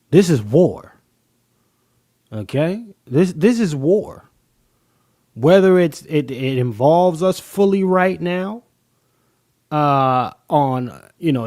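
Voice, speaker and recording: Guy hosting a live podcast, animated pitch, leans on his words, talks to the chat. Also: no echo, clean studio sound. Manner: emphatic, drawn-out, addresses the chat as y'all. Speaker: podcast host. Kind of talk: live-stream podcast commentary.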